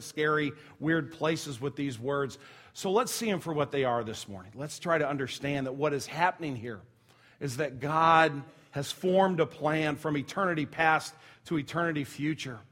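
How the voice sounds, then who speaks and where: Middle-aged pastor guy preaching, kinda higher voice, chatty with asides and little self-corrections. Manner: drops to a near whisper when telling a quiet story. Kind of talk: sermon.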